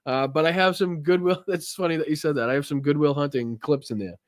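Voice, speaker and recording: A man's voice: on the high side, fast, no room sound, clean studio sound. A man with a Boston accent hosting a live politics stream, chatting casually, swearing and laughing often as he rambles. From Massachusetts, USA.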